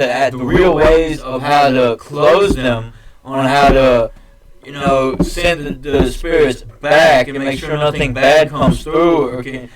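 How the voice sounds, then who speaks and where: A man with a slightly raised voice talks quickly and loosely. He leans on fillers and restarts, and a crowd can be heard behind him. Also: fairly high pitch, rough recording. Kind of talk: casual chat.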